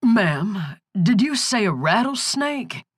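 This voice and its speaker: A woman plays a small-town male sheriff answering a call with formal, dogged politeness. He talks a little higher and louder than the narration, with lively pitch and dry, close sound. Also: slow pace, slightly rough, no room sound, full character voice. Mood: puzzled. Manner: polite, formal phone manner.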